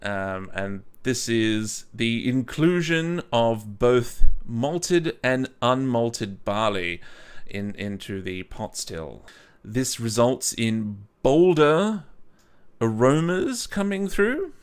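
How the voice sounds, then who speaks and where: A man's voice: mid-range voice, expressive, slow pace, smooth. A man hosting a casual whisky review, rambling and joking at his own expense, with many restarts and stumbles. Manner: rambling, jokey and self-mocking.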